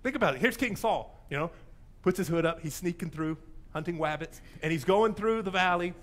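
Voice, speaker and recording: Pastor preaching, high voice, wide swings, playful storyteller. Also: male voice, expressive, brisk, a bit bright. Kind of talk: sermon.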